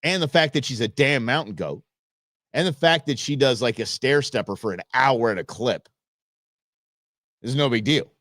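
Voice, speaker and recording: He's a show host in his fifties, speaking at a medium pitch and moderate pace with frequent pauses, recorded cleanly in a studio without echo. Animated and joking, he shares a funny personal anecdote casually and acts out the quoted exchanges with another person.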